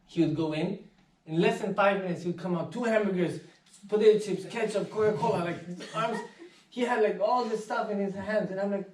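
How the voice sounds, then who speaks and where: A man giving an inspirational talk, telling anecdotes in a casual, animated way and acting out the voices of people in his stories. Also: sits high, moderate pace. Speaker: speaker. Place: meditation centre hall. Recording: echoey hall, voice from far off.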